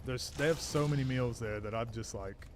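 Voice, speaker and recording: A man's voice: medium pitch, normal speed, background noise. A man chatting casually while streaming a video game, rambling and self-deprecating. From Australia. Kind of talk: casual gaming stream chat.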